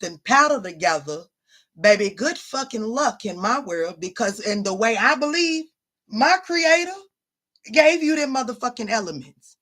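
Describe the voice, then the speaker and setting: A woman's voice: medium pitch, a bit bright. Blunt, salty-tongued woman tarot reader. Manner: blunt, profane, calls listeners baby and honey; emphatic, repeats lines for stress. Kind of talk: casual live-stream reading, answering viewers.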